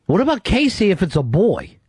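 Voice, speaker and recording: A man's voice: high voice, wildly swooping pitch, darkish tone, breathy edge, dry recording. Wisecracking male radio host. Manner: joking, profane, quick with teasing remarks. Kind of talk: casual talk radio banter.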